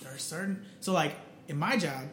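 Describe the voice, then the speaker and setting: A man co-hosting a casual podcast chat. He talks in an animated way, laughs often and acts out quotes loudly. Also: fairly high pitch, normal speed, reverberant, a little hiss or hum. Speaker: podcast co-host.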